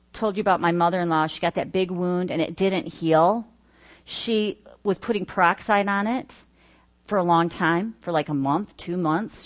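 Lower-voiced woman teaching earnestly. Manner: earnest, listing points with personal asides. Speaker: Bible study teacher. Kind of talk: teaching talk.

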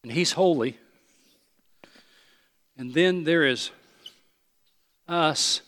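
A man preaching a sermon, emphatic and repeating his phrases, sometimes dropping to a hushed voice. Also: on the high side, extremely slow. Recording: long hall reverb.

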